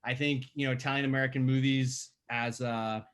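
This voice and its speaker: A man's voice: medium pitch, brisk, smooth. A man from Staten Island, a filmmaker guest telling stories in a casual podcast interview. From Staten Island, New York. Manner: conversational, animated when telling stories. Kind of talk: podcast interview over a call.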